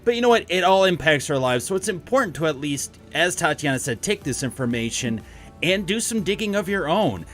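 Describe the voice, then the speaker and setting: A man's voice: fairly high pitch, sing-song, brisk, a bit bright, soft background music. A young man co-hosting a podcast in casual chat, joking and teasing, slipping into funny voices to mimic people. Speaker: podcast co-host.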